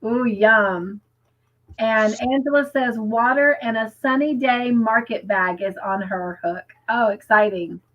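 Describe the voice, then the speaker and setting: Co-hosting a crafting livestream, a woman with a slightly high voice speaks at a measured pace, reading out viewer comments and chatting in a relaxed way. She's giggly and tends to dwell on stories, and the audio has its highs cut off.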